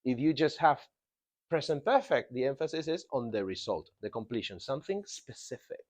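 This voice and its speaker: Animated male teacher in a classroom. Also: medium pitch, moderate pace. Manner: emphatic, repeats key words, checks in with "yeah?". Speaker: English teacher. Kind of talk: classroom grammar lesson.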